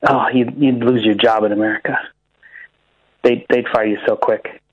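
A man's voice: mid-range voice, fairly even intonation, moderate pace, breathy edge. Man caller with a put-on American accent. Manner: fake American accent, pleading and insistent. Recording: dull phone-line call audio.

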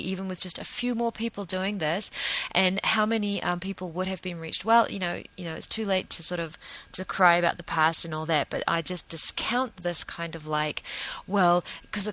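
A woman speaking in an animated, exasperated casual monologue as a vegan advocate, full of fillers. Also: fairly low pitch, low-quality recording.

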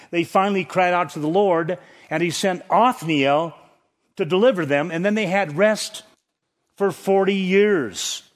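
A man leads a Bible study sermon, his voice sitting a little higher than most men's. He talks in a relaxed, conversational way, then rises and presses harder whenever he drives a point home. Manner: conversational Bible teaching, rising emphasis on key points. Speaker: pastor.

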